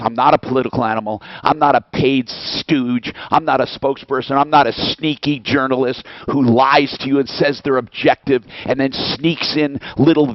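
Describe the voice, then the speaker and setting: A man's voice: mid-range voice, no room sound, highs cut off. Angry, profane man ranting on air. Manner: heated, blunt and profane, hammering rhetorical questions. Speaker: call-in show host. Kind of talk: angry political rant.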